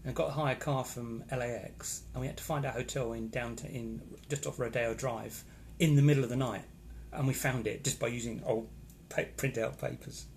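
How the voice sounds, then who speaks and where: A man's voice: mid-range voice, fairly even intonation, a little fast, creaky, hardly any pauses, a little mellow, slight background noise. A man chatting casually on a live stream, rambling and reacting to viewer comments from a hotel room. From England. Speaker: vlogger reading live comments.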